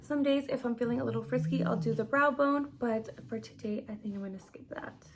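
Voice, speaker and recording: A woman's voice: on the high side, fairly quick, a little hiss or hum. A young woman chatting her way through a makeup tutorial and Q&A, bubbly and chatty, sometimes whispering asides. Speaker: beauty vlogger. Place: home room lit by ring lights.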